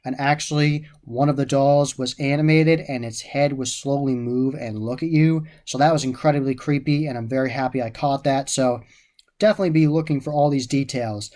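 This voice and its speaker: A man's voice: mid-range voice, steady tone, a little fast, warm tone. A man giving a casual, enthusiastic spoken review of a haunted attraction, often repeating how much he loved the details.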